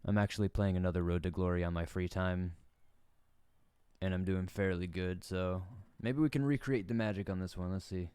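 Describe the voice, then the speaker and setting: Chill southern guy streaming football, low smooth voice, jokey and laughy. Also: fairly even intonation, normal speed, mellow, no room sound. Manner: laid-back, joking, laughs often. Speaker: gaming streamer. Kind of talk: casual gaming commentary.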